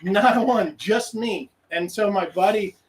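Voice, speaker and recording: A man's voice: high-pitched, slow pace, a little hiss or hum, rough recording. A man guest on a podcast, telling a rambling story and laughing as he acts out what he said. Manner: animated, laughs through his stories; rambling, many restarts and quoted self-talk. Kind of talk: casual storytelling.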